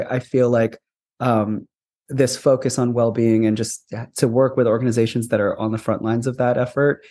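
Male interview guest, mid-pitched, earnest and spiritual, laughs often, restarts phrases. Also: darkish tone. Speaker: podcast guest. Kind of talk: conversational interview.

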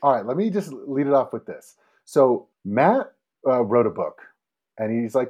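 A man co-hosting a casual podcast with a husky, mellow voice that swings widely in pitch. He tells stories with enthusiasm and acts out quoted lines as he goes. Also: expressive, moderate pace, lo-fi sound. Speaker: podcast co-host. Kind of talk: casual chat.

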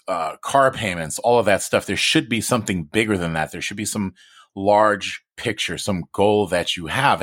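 A man's voice: deep voice, a bit bright. A man hosting a podcast in a loose, chatty way, swearing casually. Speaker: podcast host.

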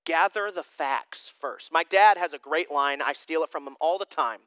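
A man's voice: fairly high pitch, normal speed, hardly any pauses, bright, forceful tone, clean tone, no echo. A man in his thirties, a pastor giving a conversational sermon with self-deprecating humor.

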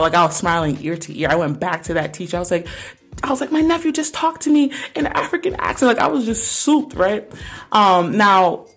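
A young adult woman speaks casually on her own podcast in a slightly low voice. She sounds earnest and conversational, often dropping in "like" and "right?" as she talks about her work as a teacher.

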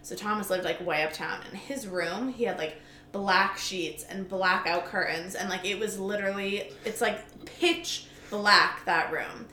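A woman's voice: medium pitch, a little slow, sharp tone. A woman in her twenties, co-hosting a podcast, joking and chatting casually. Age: 20s. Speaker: podcast co-host. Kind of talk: casual chat. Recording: echoey room, faint background noise.

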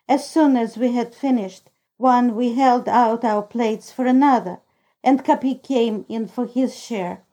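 A woman narrating a classic children's novel as an audiobook reader, calm and even. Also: fairly high pitch. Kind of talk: scripted storybook narration.

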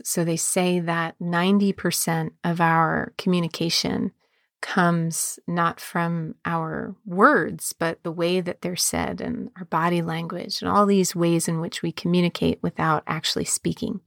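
A woman podcast host and embodiment coach, speaking in a calm, measured way and slowing down on key words. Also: lowish voice, gravelly, no room sound, studio quality. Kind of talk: podcast monologue.

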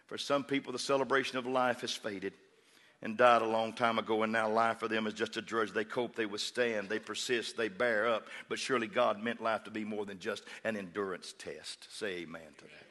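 A man's voice: medium pitch, in a large hall. A man preaching a sermon, with rhythmic call-and-response and fervent, rising exhortation. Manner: rhythmic call-and-response, building to shouting fervor.

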